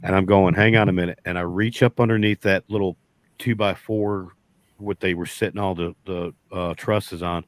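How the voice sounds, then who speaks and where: A very deep-voiced man with a drawl tells a long story in casual chat. His folksy, rambling delivery circles back and restarts often. The sound is dry and close, with no room echo. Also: steady tone, normal speed. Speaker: beekeeper guest.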